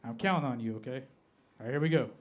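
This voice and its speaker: American stand-up comic with an Appalachian accent. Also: male voice, medium pitch, fast. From Appalachia, United States. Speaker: stand-up comedian. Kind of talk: stand-up comedy set. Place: comedy club stage.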